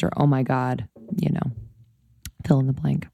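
Co-host, woman: deep, mellow fry, rambling questions, dry close mic. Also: flat delivery, moderate pace, dry recording. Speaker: podcast co-host. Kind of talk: casual podcast interviewing.

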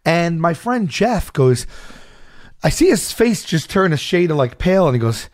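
A man telling a story in a casual chat, stammering and loudly acting out the people in it. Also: fairly high pitch, moderate pace. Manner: animated, acts out a shouting wrestler and his own stammering. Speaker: storyteller guest.

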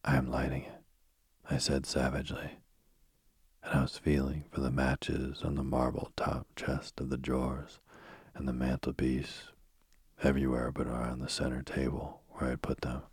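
A man narrating a ghost story aloud in a hushed, often whispered delivery. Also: completely flat delivery, normal speed, no echo. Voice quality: very deep, husky voice.

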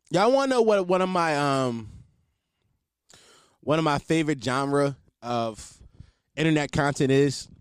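A man's voice: on the high side, dry recording, studio quality. A young man hosting a solo show, ranting in a blunt, profane, mocking way. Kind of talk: casual comedic rant.

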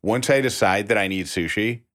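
A man co-hosting a casual podcast chat. His voice is somewhat low, and he talks in a wry, matter-of-fact way. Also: moderate pace, fairly bright tone. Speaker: podcast co-host.

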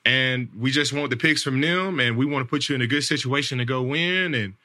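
An NFL player and podcast host in his thirties tells a meandering, casual story, peppering it with "man" and "like" and repeating words. His voice sits mid-range and comes out brisk, pushed and bright.

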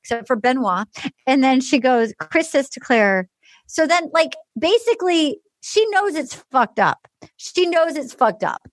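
A woman's voice: high-pitched, animated, a little slow. A woman podcast host recapping in casual chat, telling the story with animation and acting out quotes, with lots of "like".

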